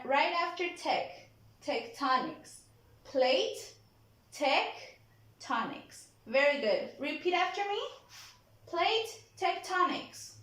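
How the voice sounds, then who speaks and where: A woman teaching a vocabulary lesson in a classroom. She models each word slowly and keeps checking in with "okay?". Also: high voice, a bit bright. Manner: slow, deliberate modeling of pronunciation, frequent "okay?" checks. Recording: very echoey classroom.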